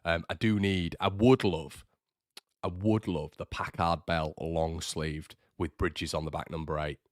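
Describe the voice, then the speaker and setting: A little slow and level in tone, the young man's low-pitched voice carries his chatty, teasing reading of viewer comments on his casual fan channel stream, with frequent fillers and restarts. It's recorded at studio quality with no room sound.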